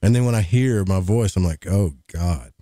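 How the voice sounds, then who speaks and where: Folksy man, low and dark. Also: fairly quick, no echo, clean studio sound. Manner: folksy, rambling, jokey. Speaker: podcast co-host. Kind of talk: casual chat.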